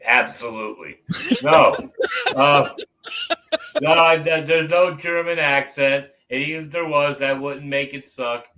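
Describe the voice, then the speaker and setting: Man, bright tense voice, blunt, cursing, casual reaction chat. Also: on the high side, a little slow, a little hiss or hum, rough recording. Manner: blunt, swears freely, hedges with "you know". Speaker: reaction show co-host. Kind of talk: casual banter reacting to music.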